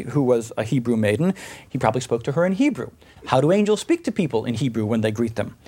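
A middle-aged man lectures with a gravelly edge to his mid-range voice. He explains patiently, posing rhetorical questions and checking in with "right?" as he goes. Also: mid-range voice, a little mellow. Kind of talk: recorded lecture.

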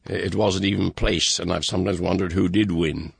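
A man, the author, reading a measured introduction to his book with a dry, wry manner. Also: low-pitched, fairly even intonation, vocal fry, husky, no room sound. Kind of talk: recorded introduction, read aloud.

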